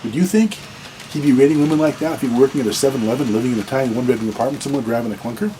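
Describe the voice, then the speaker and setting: A man's voice: mid-range voice, racing, mellow, slight background noise, rough recording. A man giving blunt dating advice in a casual monologue to camera, rambling, restarting sentences and repeating words.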